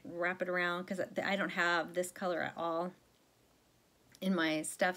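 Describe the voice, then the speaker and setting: Woman, lowish voice, casual rambling vlogger chat with fillers. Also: fairly bright tone. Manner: chatty, rambling, many fillers and self-corrections. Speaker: cross-stitch vlogger.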